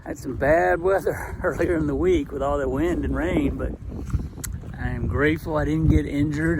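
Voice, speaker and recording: A man with a Gulf Coast Southern accent, talking casually to the camera on a hiking trail in a relaxed, unhurried way. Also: on the high side, background noise. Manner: relaxed, unhurried, with frequent fillers. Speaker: hiker vlogger. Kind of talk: casual trail vlog talk.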